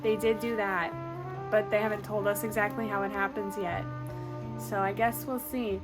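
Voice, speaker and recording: A woman's voice: medium pitch, flat delivery, moderate pace. A woman chatting casually in a reading vlog, gushing and full of fillers. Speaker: book vlogger. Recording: clear background music.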